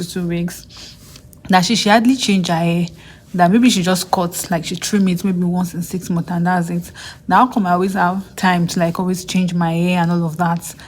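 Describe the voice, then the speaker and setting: A young woman with a Nigerian accent telling stories casually in a vlog, often acting out what others said in a higher voice. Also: a little mellow, a little hiss or hum. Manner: chatty, acts out others' lines in a higher voice. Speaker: vlogger and graduate student.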